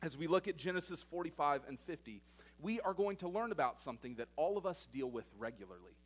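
A male pastor delivers a sermon in church at a fast, animated clip, recounting stories in a rather high voice. His speech moves back and forth from forceful, louder sections to soft, hushed ones.

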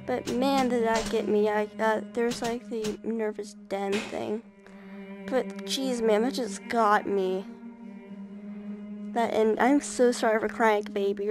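High-voiced emotional woman gamer. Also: poor audio. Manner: emotional, rambling, many fillers. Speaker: video game streamer. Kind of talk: casual let's-play commentary. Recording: game music playing under voice. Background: game music.

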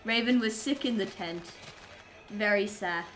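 A woman's voice: mid-range voice, measured pace, fairly bright tone, soft background music. A young adult woman streamer chatting casually while gaming, rambling and silly as she goes. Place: home streaming setup.

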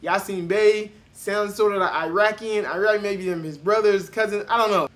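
A young man doing loud, mocking reaction commentary, cursing and breaking into shouting laughs. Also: sits high, normal speed. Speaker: reaction video host.

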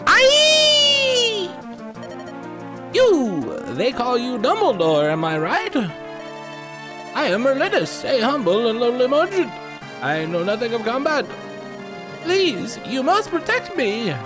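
A man putting on a cowardly old merchant from a fantasy game, pitched high and squealing as he begs for protection. The voice leaps around wildly, with game music playing behind it. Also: wildly swooping pitch, a little slow, exaggerated voice. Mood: pleading. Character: fussy old male merchant, frightened and pleading.

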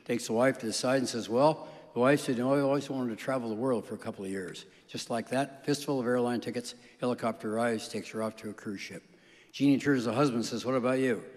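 A comedian from South Dakota telling deadpan jokes on stage, slipping into quick character voices. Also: male voice, medium pitch. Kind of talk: stand-up jokes on stage, then interview. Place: large concert hall stage. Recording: reverberant hall.

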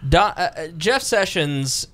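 A man's voice: sing-song, unhurried, fairly bright tone. A young man hosting a political talk podcast, chatting casually and sarcastically. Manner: sarcastic, mimics politicians in high voices. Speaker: podcast host.

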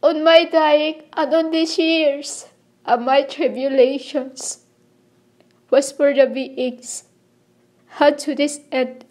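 A woman delivering a rambling spiritual monologue in halting, broken phrases, pleading with her listeners. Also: sits high, fairly even intonation. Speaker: self-proclaimed spiritual messenger.

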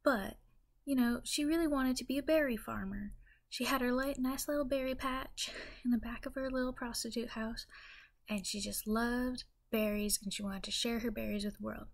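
A woman's voice: on the high side, normal speed, creaky. Folksy rambling woman storyteller. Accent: Southern US. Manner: folksy, rambling, deadpan with slangy drawl. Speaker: comedic storyteller. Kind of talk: rambling mock-religious comedy monologue.

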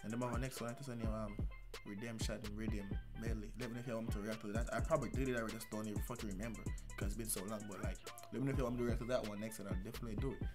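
A young man with a Jamaican accent, a music reaction vlogger talking casually in patois with loud excitable bursts. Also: on the low side, very fast. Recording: music playing loudly behind.

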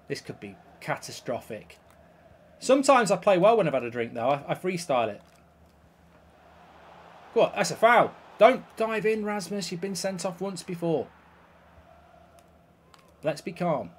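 Excitable man shouting at a football game. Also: fairly high pitch, breathy edge. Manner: swearing, reacting loudly to play. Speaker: YouTube gaming host. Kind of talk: live video game commentary.

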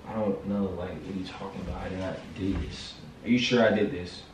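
A man's voice: deep voice, fairly even intonation, quick pace, recorded from a distance, slight background noise. A young man in casual couple banter, incredulous and defensive, swearing now and then. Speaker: vlogger, prank target. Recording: echoey room, voice from off the mic.

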